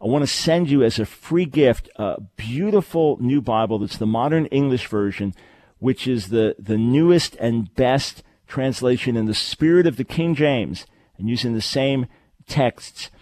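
A man's voice: medium pitch, lively intonation, unhurried, a little mellow, no echo. Earnest male radio talk host. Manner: earnest, emphatic, repeats phrases for stress. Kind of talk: call-in radio advice and announcements.

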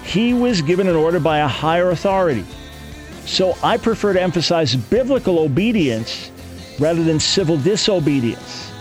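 A man's voice: fairly high pitch, expressive, normal speed, faint music behind. A man hosting a talk radio show, teaching in an emphatic, preacherly way and repeating key phrases for weight.

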